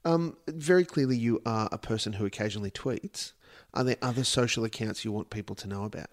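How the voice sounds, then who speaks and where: Guy hosting a chatty podcast, teasing, voice on the low side. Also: a little fast. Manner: playful, teasing. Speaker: podcast host. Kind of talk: casual interview.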